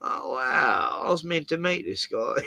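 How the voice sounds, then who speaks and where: A man's voice: mid-range voice, expressive, measured pace, creaky, pushed and bright, dry recording. A man with an Australian accent hosting a casual chat, rambling through anecdotes with chuckles. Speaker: host.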